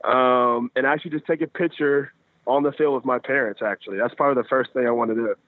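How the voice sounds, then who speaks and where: A man's voice: medium pitch, steady tone, fast, no room sound. A young man in his twenties talks over a tinny phone line with a dry, close sound. He answers in an easygoing way and often loops back to restart his phrases. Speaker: guest baseball pitcher. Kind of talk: casual interview answers. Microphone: phone call.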